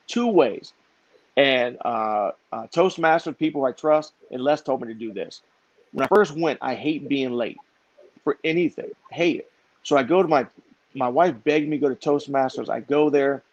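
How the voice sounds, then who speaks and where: A middle-aged man telling a story in lively conversation, acting out the voices of the people in it. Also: medium pitch, moderate pace, no room sound. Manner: animated, acts out quoted voices. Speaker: podcast guest. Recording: dull, dry, lo-fi sound.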